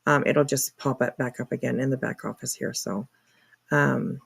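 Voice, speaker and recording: A woman's voice: extremely low pitch, fairly even intonation, normal speed, creaky, slightly rough. A woman hosting a casual livestream, chatting and reacting to comments in an apologetic, talkative way, with casual swearing. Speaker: livestream host.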